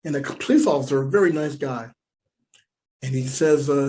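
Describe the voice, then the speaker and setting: A man with an American accent telling a stand-up story, animated and repeating lines for emphasis. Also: medium pitch, moderate pace. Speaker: stand-up comedian.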